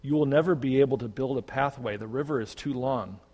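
A man voicing a gentle, patient eldest brother who speaks softly. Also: medium pitch, a little fast, natural voice. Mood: pleading. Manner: soft-spoken, gentle. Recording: long reverb.

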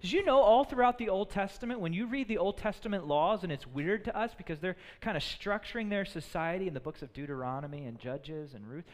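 High-voiced male pastor in a reverberant hall. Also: fairly quick, hardly any pauses. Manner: earnest, repeats words when building a point. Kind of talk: sermon.

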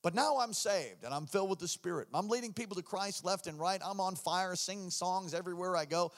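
High-voiced animated male preacher. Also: fairly quick. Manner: animated storyteller, acts out voices and shouts. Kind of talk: sermon testimony.

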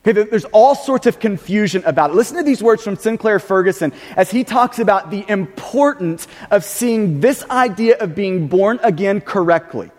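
High-voiced emphatic male preacher in a reverberant hall. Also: animated, moderate pace, hardly any pauses, darkish tone. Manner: emphatic, repeats words, frequent restarts. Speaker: pastor. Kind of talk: sermon.

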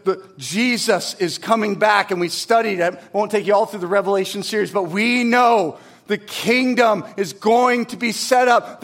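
A man preaching a sermon in an earnest, conversational way, swinging between emphatic peaks and quiet low passages. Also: vocal fry. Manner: conversational with tag questions and restarts. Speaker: pastor.

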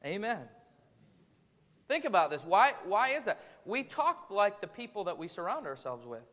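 Male pastor with a high voice, preaching conversationally, with lingering reverb from a large room. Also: big pitch swings, moderate pace, fairly bright tone. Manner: conversational preaching with rhetorical questions. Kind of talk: sermon. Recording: long reverb of a large hall.

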